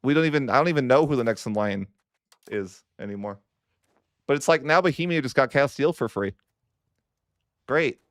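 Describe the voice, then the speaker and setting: Exasperated young man, crisp dry voice. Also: medium pitch, lively intonation, a little fast, long pauses, no echo. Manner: exasperated, whiny, sarcastic. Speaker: strategy game streamer. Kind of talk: frustrated gameplay commentary.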